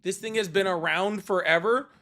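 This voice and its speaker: A man with a high voice talks at a moderate pace in a pushed, bright tone. He's hosting a live call-in debate stream, ranting casually with sarcasm and mockery and swearing freely.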